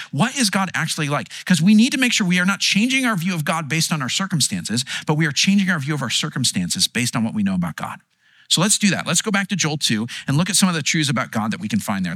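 Earnest husky-voiced male pastor preaching. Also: on the high side, a bit bright, no echo. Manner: earnest, with frequent restarts and acted-out quotes. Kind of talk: sermon.

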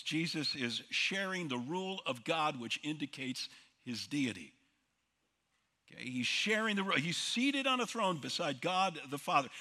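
A man's voice: on the high side, bright, forceful tone. A male pastor preaching an earnest sermon, quoting scripture as he teaches. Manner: earnest preaching, quotes scripture and movie lines. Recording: long reverb of a hall.

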